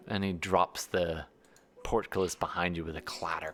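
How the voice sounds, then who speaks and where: A man running a tabletop game as game master, narrating the scene and chatting with players in a relaxed, apologetic way. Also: low voice, moderate pace.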